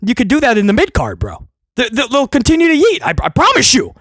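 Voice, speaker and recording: A man giving a heated, sarcastic wrestling rant that often breaks into shouting. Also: very high-pitched, huge pitch swings, quick pace, no room sound. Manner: ranting, sarcastic, shouting at times. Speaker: wrestling commentator.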